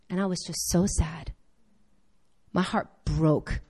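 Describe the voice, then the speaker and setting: A woman pastor preaching a sermon, telling a church story with lively acted-out quotes. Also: mid-range voice, moderate pace. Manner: animated storytelling, acts out quoted voices.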